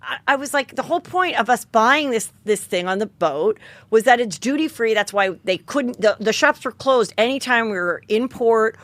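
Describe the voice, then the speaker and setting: Animated woman telling a story, dry mic. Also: fairly high pitch, moderate pace, few pauses, no room sound. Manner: animated, dramatic storytelling with acted quotes and swearing. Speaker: podcast host. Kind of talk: casual storytelling chat.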